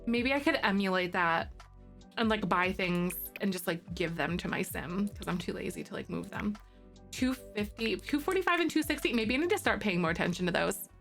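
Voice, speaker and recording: A young woman streaming live, chatting casually with her viewers, greeting them by name and squealing when something excites her. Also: medium pitch, normal speed, vocal fry, soft background music. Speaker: Twitch streamer. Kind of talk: casual live-stream chat while playing a game.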